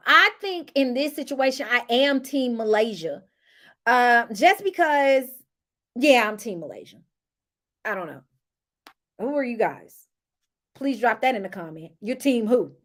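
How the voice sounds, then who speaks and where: A woman hosting a casual reality TV recap vlog, sassy and animated, talking straight to her viewers and calling them honey. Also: fairly high pitch.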